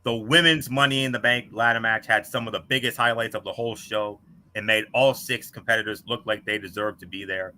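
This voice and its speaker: Bright-voiced man reading a wrestling review. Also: fairly low pitch, steady tone. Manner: measured, scripted delivery with star ratings. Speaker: wrestling podcast co-host.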